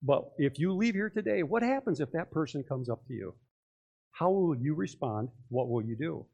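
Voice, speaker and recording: Man, pastor, sermon, conversational, asks many questions, fairly high voice. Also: animated, normal speed, creaky, warm tone, lo-fi sound. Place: church.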